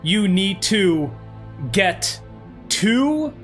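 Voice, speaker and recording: A man hosting a casual let's play chat, excitable, laughing often and swearing casually. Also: high-pitched, very slow. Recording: music playing underneath.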